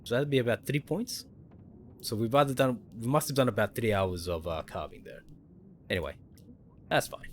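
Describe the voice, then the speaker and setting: Streaming a survival game, this man casually reasons out loud and explains the mechanics to his audience. His medium-pitched voice moves at a moderate pace with frequent pauses, and there is slight background noise.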